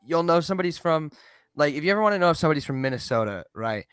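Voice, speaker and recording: A man's voice: a little high, lively intonation, rapid-fire, fairly bright tone, smooth, dry recording, studio quality. A man from the Chicago area with a Midwestern accent, chatting on a podcast in a loose, rambling way full of fillers. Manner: rambling, full of "like" and "you know". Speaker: podcast co-host. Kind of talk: casual podcast chat.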